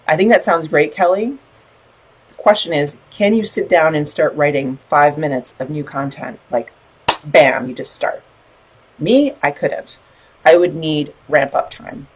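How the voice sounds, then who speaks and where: A middle-aged woman with a low, husky voice hosts a book club live stream, heard through a rough recording. As the podcast host leading the group, she chats casually and encouragingly and reads out viewer comments.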